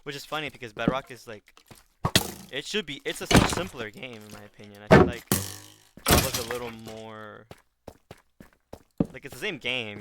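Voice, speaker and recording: A young man chats loosely while he plays, looping back and restarting his thoughts. His voice sits at an ordinary middle pitch. A loud steady hiss and clicking run under the whole recording. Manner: rambling, self-correcting, talks while playing. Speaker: streamer. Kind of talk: casual gaming stream chat. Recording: loud background noise with clicks.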